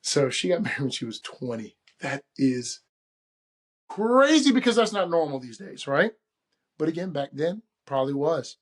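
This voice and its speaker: An animated man tells a travel story in a relaxed monologue. His voice sits a touch higher than most men's, and he acts out the people he quotes with shifting voices. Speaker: podcast host.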